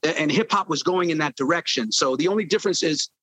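A man recounts his days as a label intern in an interview, telling it animatedly and acting out what people said. His voice is bright and a little high. The sound is close and dry. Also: fast, no echo, rough recording. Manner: animated storyteller acting out quotes. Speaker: former record label intern. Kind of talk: storytelling interview.

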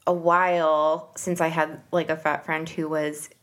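A woman co-hosting a podcast in relaxed conversation, who also reads excerpts aloud. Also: deep voice, unhurried. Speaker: podcast co-host. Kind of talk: casual chat.

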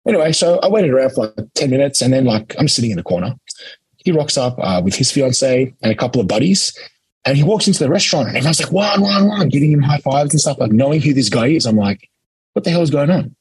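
A young man with an Australian accent recounts a story in casual interview chat, slipping into the voices of the people he quotes. His voice is very husky and breathy, and it is recorded dry and close with no room sound. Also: medium pitch, fast, no echo, rough recording. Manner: animated anecdote-telling, acts out quotes. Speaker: interview guest, competitive eater.

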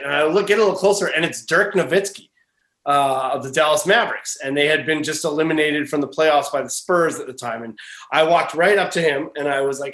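A man's voice: on the high side, brisk, a bit bright, roomy sound. A man hosting a podcast, telling a rambling story in casual chat and swearing freely. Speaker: podcast host.

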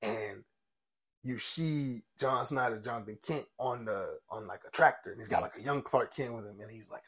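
A young man co-hosting a podcast chats casually and animatedly, swearing freely and retelling TV scenes with feeling. His husky, mid-range voice has a fairly bright tone and a moderate pace.

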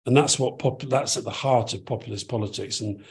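A man, a podcast guest telling an anecdote with lively asides. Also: mid-range voice, a little fast. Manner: animated anecdote-teller, quoting others in changing voices. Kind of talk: conversational storytelling.

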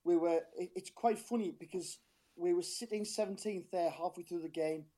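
A man's voice: high voice, steady tone, moderate pace, warm tone. Passionate man with a strained voice. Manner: passionate, frustrated, rambling with restarts. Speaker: caller, football fan. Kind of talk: casual phone-in chat.

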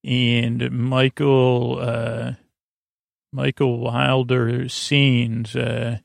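A man hosting a sleep podcast, giving a meandering, low-key, halting recap of a TV episode. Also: flat delivery, gravelly, no echo, studio quality. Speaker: podcast host. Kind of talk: rambling bedtime episode recap.

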